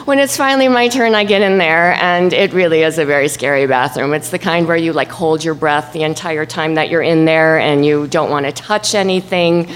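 A woman telling a personal story at a live event, acting out her own shouts and the voices of the people in it. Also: deep voice, fairly quick, hardly any pauses. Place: stage before an audience.

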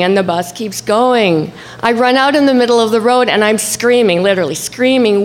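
A woman telling a true story live on stage. She is animated and acts out voices and shouts, swinging from low murmurs up to high cries. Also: moderate pace, hardly any pauses. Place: stage before an audience.

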